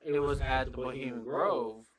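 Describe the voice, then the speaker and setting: A man's voice: mid-range voice, normal speed, crowd noise, low-quality recording. A man in a casual podcast chat, explaining at length with many fillers. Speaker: podcast guest.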